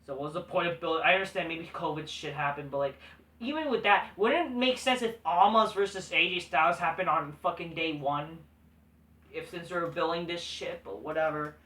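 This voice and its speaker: A man's voice: a little high, moderate pace, pushed and bright, far from the mic. A man hosting a casual recap show, talking in a blunt, profane, dismissive way. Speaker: host. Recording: echoey room, voice set back from mic.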